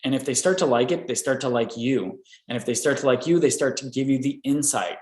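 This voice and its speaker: An energetic man coaches inventors through licensing negotiations, checking in with the listener by tagging "right?" onto his points. His voice sits at an ordinary middle pitch. The room around him rings with a noticeable echo. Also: a little fast. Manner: energetic, repeats "right?" often. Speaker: licensing expert answering inventor questions. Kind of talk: live Q&A coaching.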